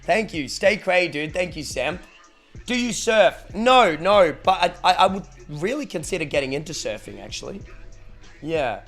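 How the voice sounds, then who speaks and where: A man's voice: on the high side, animated, normal speed, fairly bright tone, faint music behind. Chatty Australian man, casual streamer. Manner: loose and chatty, swears, thanks viewers for subs. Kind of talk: casual live-stream chat.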